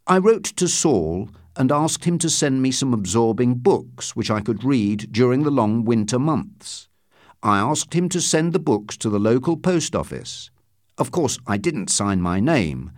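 A man reading a story aloud as narrator, in a steady, measured storytelling voice. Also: medium pitch, no echo, studio quality. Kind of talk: scripted audiobook narration.

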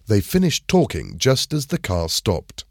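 Low, lively male storyteller. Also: a little slow, dry recording, studio quality. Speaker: storybook reader. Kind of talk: scripted narration of a graded reader.

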